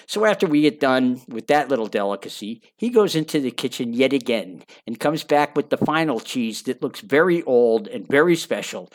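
A man's voice: mid-range voice, expressive, normal speed, few pauses. An older man narrating his own memoir in a folksy, enthusiastic way, with chatty asides.

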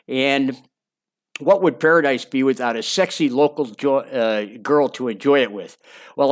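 An older man tells his life story aloud, reading from his memoir. He sounds folksy and enthusiastic and drops chatty asides between the sentences. His pitch sits in the middle for a man. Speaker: narrator. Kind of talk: memoir narration.

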